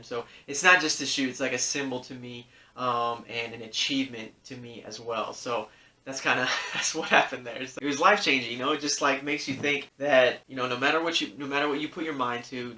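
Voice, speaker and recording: Earnest bright-voiced man rambling in an echoey room. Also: mid-range voice, far from the mic. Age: 30s. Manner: rambling, earnest, encouraging, many fillers and restarts. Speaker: sneaker YouTuber. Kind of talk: casual storytelling vlog.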